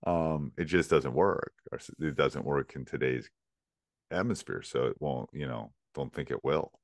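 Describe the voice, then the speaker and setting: A man's voice: extremely low pitch, moderate pace, no echo, studio quality. A man, a basketball coach, chatting casually on a podcast in short, blunt remarks.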